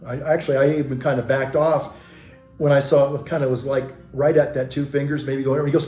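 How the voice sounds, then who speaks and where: A man's voice: mid-range voice, little pitch movement, fairly quick, mellow, echoey room, soft background music. A man who is a Catholic priest, telling a story casually in a rambling way, with restarts and self-corrections.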